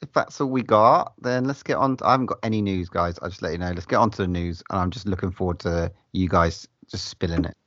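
A man hosting a casual podcast chat, quick to react with laughs and swearing. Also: low voice, fairly bright tone, no echo, highs cut off.

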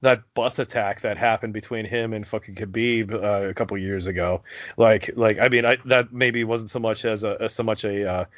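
A man's voice: lowish voice, steady tone, normal speed, no room sound. Rambling man with dull lo-fi sound. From south central Pennsylvania. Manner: rambling, many fillers and restarts. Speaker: podcast co-host. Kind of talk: casual profane chat.

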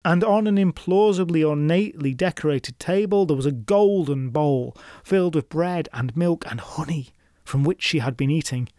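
A male storyteller reads a folk tale, building scenes with drama and tossing in wry asides. His voice sits slightly high. The recording is close and dead dry. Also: moderate pace, dark tone, dry recording. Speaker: storyteller host. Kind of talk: scripted folklore narration.

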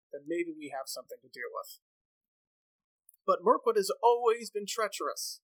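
A man's voice: high-pitched, sharp tone, no echo, voice pushed up, poor audio. A man doing a cautious village elder.

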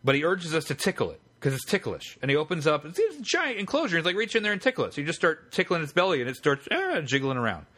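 A man's voice: fairly high pitch, huge pitch swings, fast talker, few pauses, sharp tone. A man co-hosting a podcast, telling a long, rambling and profane story in casual chat. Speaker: podcast co-host.

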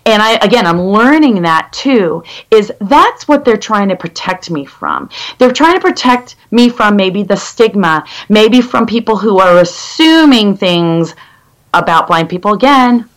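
A middle-aged woman, a guest in a conversation, telling stories in an animated, rambling way with many restarts. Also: medium pitch, measured pace, poor audio. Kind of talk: conversational storytelling.

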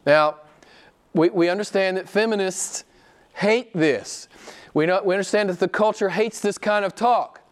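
Male pastor, fairly high voice, forceful sermon delivery with rhetorical questions, loud-to-hushed swings. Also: normal speed.

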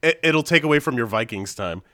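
A loud man from Long Island with a thick New York accent, chatting on a podcast. His pitch swings widely as he tells stories. The voice is bright and forceful. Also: a little fast, dry recording, clean studio sound. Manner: loud, animated storyteller. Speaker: podcast guest. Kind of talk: casual chat.

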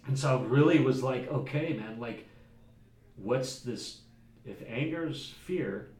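A man's voice: medium pitch, slow pace, darkish tone. A man talking candidly as a podcast guest in a rambling way, often adding "like" and "right?". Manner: rambling, fills speech with "like" and "right?". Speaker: guest, entrepreneur and father. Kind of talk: candid casual conversation. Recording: echoey room, distant mic, faint noise.

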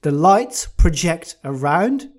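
A man's voice: fairly high pitch, sing-song, slow pace. A man co-hosting a casual car chat, telling stories with mock-dramatic build-ups and plenty of swearing. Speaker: car podcast co-host.

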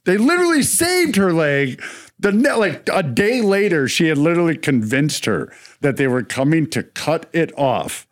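A man's voice: fairly high pitch, moderate pace, no room sound. A man co-hosting a casual talk show, telling stories with lots of laughter. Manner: animated storyteller, laughs often. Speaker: co-host. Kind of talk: casual chat.

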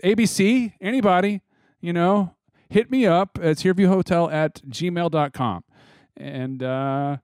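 A man's voice: high-pitched, measured pace, no room sound, studio quality. A man co-hosting a casual podcast, reading tongue twisters and joking with friends, laughing often. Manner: jokey, laughing often, animated. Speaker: podcast co-host.

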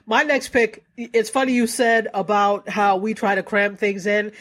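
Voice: medium pitch, little pitch movement, moderate pace, fairly bright tone. A co-host in casual chat, joking and teasing playfully.

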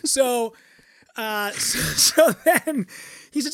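A man telling a long story in casual, animated fashion, swearing freely and acting out quoted lines. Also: very high voice, slow, long pauses, clear, resonant tone, no echo, studio quality. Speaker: guest.

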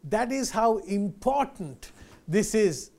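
A man's voice: high voice, lively intonation, slow, a little mellow. A male pastor preaching a sermon, earnest and emphatic, repeating key phrases and addressing listeners as friends.

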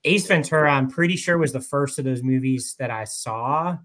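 A man's voice: mid-range voice, normal speed, a bit bright, rough recording. Chatty male panelist who trips over his words and restarts his sentences. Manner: rambling, self-correcting. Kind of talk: casual podcast chat.

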